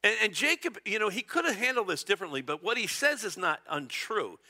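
Middle aged guy preaching a bible sermon, real lively ups and downs, chatty, acts out bits. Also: sits high, brisk. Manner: conversational, chuckles often, acts out little dialogues. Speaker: pastor. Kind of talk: verse-by-verse Bible teaching sermon.

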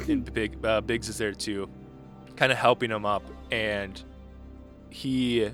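A man running a tabletop role-playing game, narrating in a relaxed way with many fillers. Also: lowish voice, slow, pauses often, music in the background. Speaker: game master.

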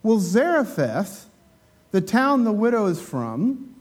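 A man with a high voice preaches a sermon to a congregation. He keeps it conversational and loose. He asks the listeners questions and slips into quick acted voices for the people in the story. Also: sing-song.

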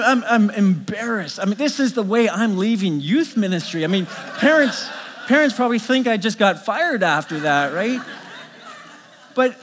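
High-voiced male pastor in a reverberant hall. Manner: storytelling, animated, many restarts. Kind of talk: sermon.

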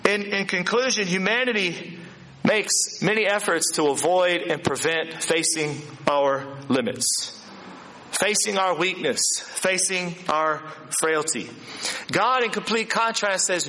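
High, bright-voiced preaching man. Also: slow pace, a little hiss or hum. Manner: animated, emphatic preaching with rhetorical questions and repetition. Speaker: pastor. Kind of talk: sermon.

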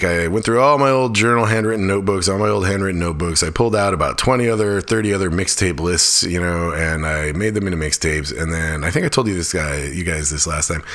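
A man's voice: sits low, pushed and bright. A middle-aged man hosting his own podcast, rambling in a chatty, casual solo monologue and swearing offhandedly. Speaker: podcast host.

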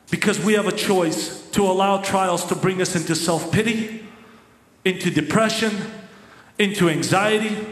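A male pastor preaches in a high, ringing voice and drives his points home through emphatic repetition. His words carry a long reverb through a large church sanctuary. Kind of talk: sermon. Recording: echoey hall with long reverb.

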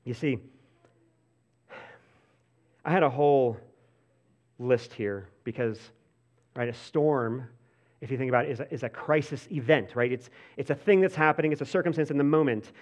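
With a medium pitch and normal speed, this pastor pauses often during a casual sermon. He fills gaps with "like," restarts sentences, and swings between lively bursts and quiet, hushed talk.

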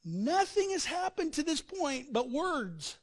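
A man's voice: very high-pitched, sing-song, slow. A male pastor preaching a sermon, telling the story with energy and acting out quotes and sound effects.

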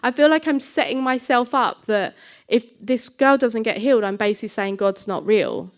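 A woman's voice: on the high side, normal speed. A young woman sharing a personal faith testimony, telling it as a story and acting out both sides of each conversation. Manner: animated, acts out both sides of dialogue. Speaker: Christian speaker sharing a testimony.

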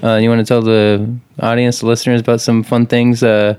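A man's voice: medium pitch, little pitch movement, fairly quick, a little mellow, clean tone, no echo. A male podcast host in casual chat, cutting in eagerly with questions and restarts. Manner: eager interjections, stammering restarts.

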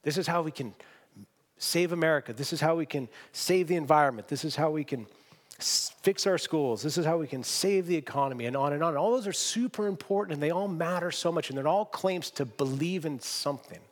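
A man's voice: on the high side, brisk, big-room sound. A man preaching a sermon as pastor, emphatic and self-deprecating as he tells a story to his church. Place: church sanctuary.

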